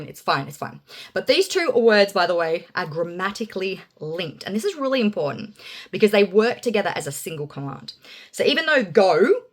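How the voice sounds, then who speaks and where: A woman explaining Bible Greek grammar in a casual, chatty teaching style, with lots of fillers and lively emphasis on key words. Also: fairly low pitch.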